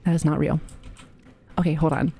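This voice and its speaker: A woman's voice: deep voice, fairly even intonation, normal speed, warm tone, slightly rough. Foul-mouthed laughing woman streamer. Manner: profane, joking, laughs often. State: recovering from illness. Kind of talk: casual live-stream chat.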